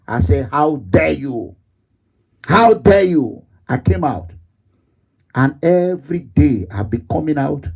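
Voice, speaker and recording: A man's voice: high-pitched, darkish tone, husky, rough recording. A man with a Nigerian accent delivering a fiery, repetitive political rant as an online commentator.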